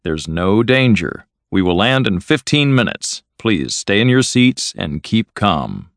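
A man voicing a male airline captain making a steady, reassuring intercom announcement. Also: fairly low pitch, a little slow, dry recording, voice pushed down. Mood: calm.

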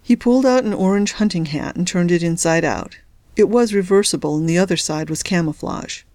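Low-voiced woman narrating a story. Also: fairly quick, mellow, no room sound, studio quality. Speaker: podcast host and story narrator. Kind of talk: storytelling narration with casual commentary.

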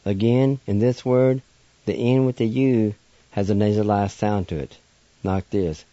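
A man with a Cherokee accent teaches words slowly and patiently, spelling each one out letter by letter. His voice is low and mellow. The sound is dry and a little dull, like an old radio studio. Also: dry recording. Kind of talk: slow spelled-out language lesson.

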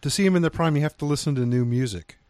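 A man's voice: fairly high pitch, racing, darkish tone, no room sound. A man co-hosting a podcast in casual chat, asking short questions and dropping dry wisecracks. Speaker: podcast co-host.

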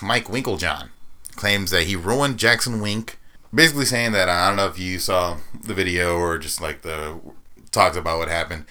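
A man's voice: fairly low pitch, pushed and bright. A man co-hosting a podcast, telling loose stories with laughs and swearing in casual chat. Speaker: podcast co-host. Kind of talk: casual chat about fighting sports.

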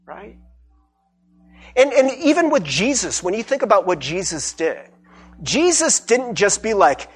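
A man's voice: high-pitched, husky. A male pastor giving a conversational sermon, acting out bits of everyday dialogue and checking in with "right?". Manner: animated, acts out everyday dialogue with repeated "right?".

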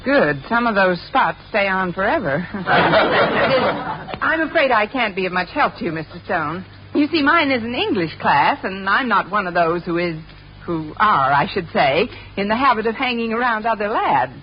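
An actress as a wisecracking schoolteacher, old radio. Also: female voice, medium pitch, very animated, moderate pace, close to an everyday voice. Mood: flustered. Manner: wisecracking, breezy and playful. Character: wisecracking female English teacher, quick-witted. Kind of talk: 1950s radio sitcom acting. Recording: dull old radio broadcast with audience laughter and hiss.

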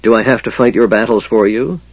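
A man voicing a cheerful, curious male kender adventurer in a storybook reading, lifting his voice higher and brighter. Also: huge pitch swings, moderate pace, slightly rough, no room sound, highs cut off, full character voice. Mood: irritable.

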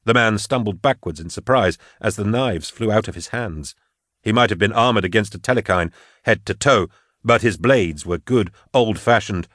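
A man narrating an audiobook in a measured, even storytelling manner on a close mic. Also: lowish voice, no room sound. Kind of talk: audiobook reading.

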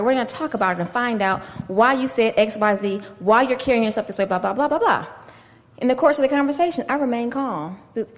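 A woman pastor teaching a sermon with lively storytelling and acted-out dialogue. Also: on the high side, in a large hall.

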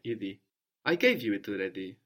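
A man's voice: lowish voice, big pitch swings, brisk, bright, forceful tone. A man teaching a language lesson, patiently prompting with questions and repeating each answer.

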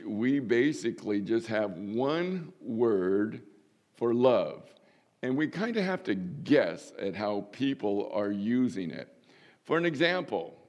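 An older man preaching a sermon as pastor, folksy and humorous, with sudden lifts in pitch for emphasis. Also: a little mellow, muffled recording.

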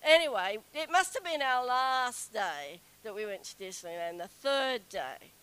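Bright, chatty woman storyteller. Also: unhurried, clear, resonant tone, low-quality recording. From Australia. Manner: chatty, animated, acts out quoted whining in a high voice. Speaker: speaker telling a story to a group. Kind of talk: personal anecdote to an audience.

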